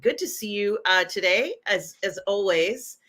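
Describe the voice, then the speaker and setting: A woman's voice: mid-range voice, expressive, unhurried, fairly bright tone. A woman hosting a live stream, reading out viewer comments in an upbeat, effusive way. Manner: upbeat, effusive, many fillers. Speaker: host.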